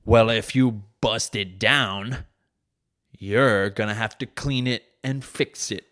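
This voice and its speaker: A smart-mouthed young boy talking back with a cheeky, matter-of-fact calm, as a man quotes him. The words come out slow and deliberate. The voice stays close to the teller's own. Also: on the low side.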